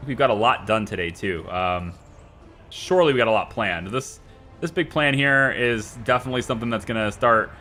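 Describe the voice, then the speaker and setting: With a pushed, bright, mid-range voice, a Scottish man commentates live on his game. He thinks out loud, talking to the viewers and to the small workers he's managing.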